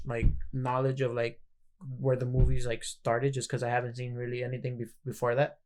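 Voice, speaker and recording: A man co-hosting a casual podcast, halting and searching for his words as he talks. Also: mid-range voice, completely flat delivery, a little mellow. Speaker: podcast co-host.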